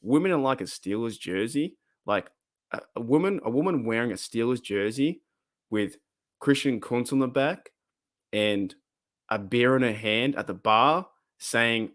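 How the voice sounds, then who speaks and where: A man's voice: medium pitch, measured pace, fairly bright tone. A man with an Australian accent hosting a casual live stream, rambling, repeating himself and laughing often.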